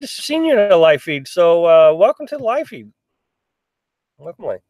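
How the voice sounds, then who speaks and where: A man's voice: high-pitched, very animated, moderate pace, darkish tone, no room sound. A middle-aged man hosting a casual live stream, reading out viewer comments and answering them in a chatty, rambling way. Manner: chatty, rambling, many restarts and fillers. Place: in a small pop-up camper.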